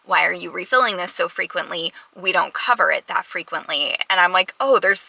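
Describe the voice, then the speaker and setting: A young woman, vlogging in a quick, exasperated storytelling manner, close to tears. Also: on the low side, creaky, bright, forceful tone, no echo, low-quality recording. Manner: exasperated, fast storytelling with quoted dialogue. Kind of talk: casual vlog storytelling.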